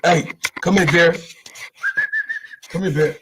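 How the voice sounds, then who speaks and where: A man with a Chicago accent hosting a casual livestream, talking loosely and shouting out his viewers. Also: on the high side, fairly even intonation, takes it slowly, heavy background noise. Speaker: livestream host. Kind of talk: casual live-stream chat.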